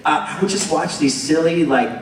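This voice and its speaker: Playful high-voiced man in an echoing hall. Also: moderate pace, slight background noise. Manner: animated and playful, often laughing. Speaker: panel guest. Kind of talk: convention panel chat. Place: large convention hall. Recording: echoey hall, voice from far off, with the crowd audible. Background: audience in the hall.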